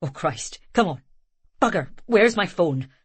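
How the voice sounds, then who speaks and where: A woman voicing a gruff grown man, speaking low and slow, muttering in alarm. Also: expressive, no room sound.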